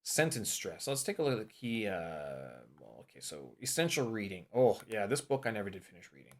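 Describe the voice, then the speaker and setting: A man's voice: on the low side, sing-song, brisk. A man hosting a vlog, casually talking through course material while thinking aloud, trailing off and restarting, and testing word stress aloud on single words. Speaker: language-learning vlog host.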